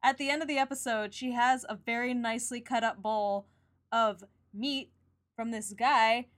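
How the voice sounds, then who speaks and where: A young woman with a high voice co-hosts a casual podcast. She speaks in an animated, wry way and drops swear words freely as she reacts. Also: moderate pace. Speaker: podcast co-host. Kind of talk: casual chat.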